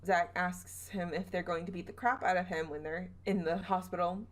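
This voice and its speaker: A young woman from the southern United States hosts a casual podcast, retelling a spooky story. She sits a little lower in pitch than most women. She giggles and restarts her sentences as she goes. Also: steady tone, moderate pace. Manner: chatty, giggly, trails off and self-corrects. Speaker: podcast host.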